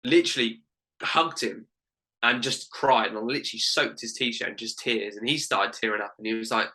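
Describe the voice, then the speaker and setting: A man's voice: mid-range voice, moderate pace, sharp tone, poor audio. A young man, a life coach and podcast guest, telling a heartfelt personal story in an earnest way, full of "literally" and "like".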